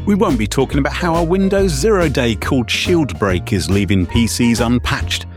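Male podcast host, playful and jokey, animated pitch, faint music at times. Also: normal speed. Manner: playful, jokey, laughs often. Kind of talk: casual chat.

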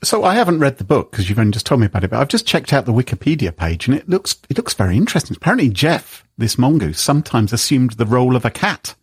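A man's voice: medium pitch, big pitch swings, quick pace, hardly any pauses, slightly rough, no room sound, studio quality. A man hosting a podcast in casual chat, teasing and mock-shocked at his co-hosts. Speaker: podcast host.

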